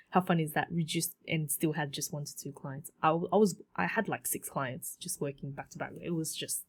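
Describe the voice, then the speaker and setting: A woman in her thirties hosting a solo podcast, telling her story in a chatty, animated way with many fillers and repeats. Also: low voice, moderate pace, breathy edge. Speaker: podcast host.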